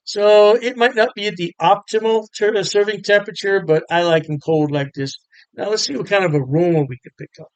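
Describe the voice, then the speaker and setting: A man hosting a casual beer review, talking straight to his viewers in an upbeat, chatty way with lots of fillers. His voice sits a little high and sounds smooth and clear. The sound is dry, with no room echo. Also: brisk.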